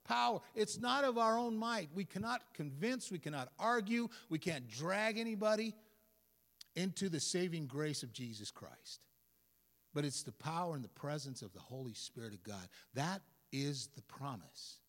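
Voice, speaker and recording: A man preaching a sermon as a pastor, talking in a conversational, animated way with asides to the congregation. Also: on the high side, normal speed. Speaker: guest pastor. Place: church sanctuary. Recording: long reverb of a church hall.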